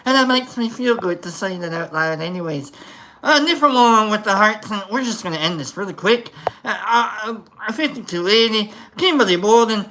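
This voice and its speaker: A livestream host giving casual, rambling shout-outs to viewers, joking around. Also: medium pitch, expressive, a little fast, slight background noise. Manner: jokey, rambling, tries silly voices.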